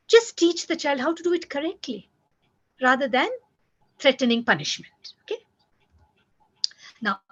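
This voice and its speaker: A woman coaching parents in a lecture, direct and repeating her key points. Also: a little high. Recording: dull lo-fi recording.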